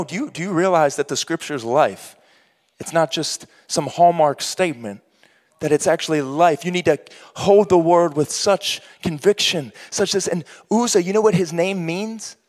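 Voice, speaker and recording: A man preaches a sermon with a notably high voice, his words trailing off into a long church reverb. He builds in rising bursts, putting on the voices of doubters and believers as he drives each point home. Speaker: pastor.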